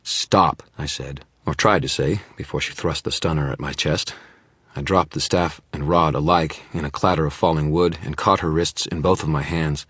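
Super deep husky guy narrating an audiobook, grim and steady. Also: normal speed, no echo, clean studio sound. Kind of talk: first-person audiobook narration.

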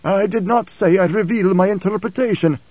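A man's voice: high-pitched, a little fast, darkish tone, dry recording, lo-fi sound, pitched above the performer's own voice. A man voicing a proud old dream interpreter with a bitter twang. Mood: cold, cryptic.

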